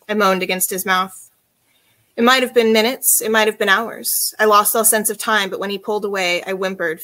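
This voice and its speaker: Bright-voiced woman author. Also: medium pitch. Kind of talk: reading from her own novel, then casual chat.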